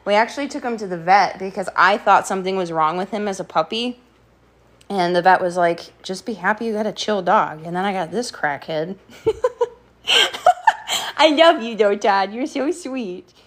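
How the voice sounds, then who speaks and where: A woman hosting a home live stream, playfully giving her dogs quick commands and thanking viewers, a bit out of breath. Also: mid-range voice. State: slightly out of breath. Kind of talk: live stream chat while training dogs.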